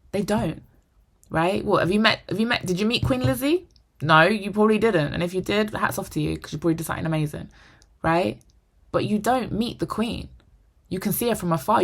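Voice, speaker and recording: Young woman, low husky vlogger voice, pleading advice to camera. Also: a bit bright. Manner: earnest, pleading, keeps asking "right?". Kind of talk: heartfelt advice talk to camera.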